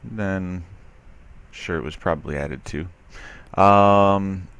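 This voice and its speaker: A man's voice: low voice, extremely slow, a bit bright, clean tone. A man reading a news article aloud and commenting on it, skeptical and sarcastic, with loose talk full of fillers. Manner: loose, with frequent fillers and restarts. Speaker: commentary video host.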